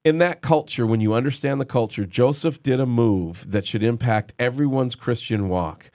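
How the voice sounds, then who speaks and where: A man's voice: mid-range voice, normal speed, darkish tone, dry recording, clean studio sound. A man hosting a casual faith talk show, joking and bantering with his co-host. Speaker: host and broadcaster. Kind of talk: casual chat.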